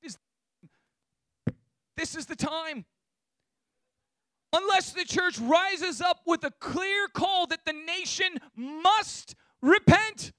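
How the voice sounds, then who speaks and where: A male preacher in full sermon, his voice pitched very high and pushed bright and forceful. He builds his points with fervor and rises to shouts. The sound is close and dry. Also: lively intonation, slow pace, long pauses, no echo. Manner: impassioned, rising to shouts.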